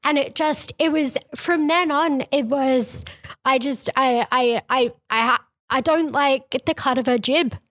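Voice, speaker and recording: A woman's voice: high voice, unhurried, fairly bright tone. A woman co-hosting a political podcast, talking heatedly and tripping over restarts. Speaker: podcast co-host. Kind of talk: casual political chat.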